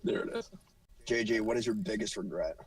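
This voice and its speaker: A man co-hosting a casual podcast, chatty and joking with quick asides. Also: fairly low pitch, breathy edge, no room sound. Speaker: podcast co-host. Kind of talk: casual chat. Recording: voice a bit far from the mic.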